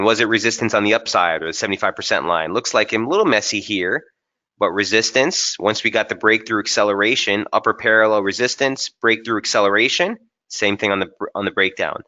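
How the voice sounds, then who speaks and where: Low-voiced man explaining trading charts. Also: bright, forceful tone, muffled recording. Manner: casual, thinking aloud with frequent fillers and restarts. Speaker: trading webinar presenter. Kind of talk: live chart analysis webinar.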